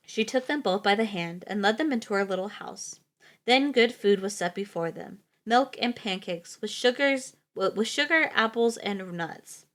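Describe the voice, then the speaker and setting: A woman's voice: mid-range voice, moderate pace, a bit bright. A young woman streamer reading fairytales aloud, casual and chatty, laughing easily and correcting her own slips.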